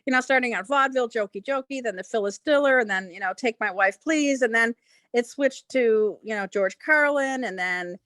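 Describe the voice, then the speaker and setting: A woman's voice: a little high, normal speed, no echo. A middle-aged woman from Chicago, a stand-up comedian, rambling through casual podcast chat with many restarts. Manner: rambling, restarts, animated quoting.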